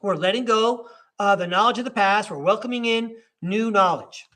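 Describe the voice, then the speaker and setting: Upbeat high-voiced man reading tarot. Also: normal speed, bright, forceful tone. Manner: upbeat and encouraging, addresses the listener directly. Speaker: tarot reader and podcast host. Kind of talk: live tarot reading, casual chat.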